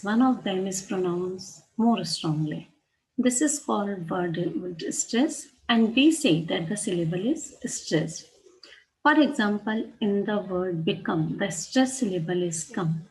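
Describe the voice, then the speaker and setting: A woman with an Indian English accent teaches a phonetics class at a middle pitch. She reads steadily from her text and stops to spell out letters and explain points. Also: poor audio. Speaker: English lecturer.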